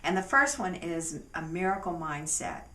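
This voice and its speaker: A woman with a fairly low voice, speaking as a relationship coach in a friendly, easygoing manner. Her voice comes from a bit back from the mic, in a room with a noticeable echo. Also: animated, moderate pace, bright, forceful tone, recorded from a distance. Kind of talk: casual talk to camera.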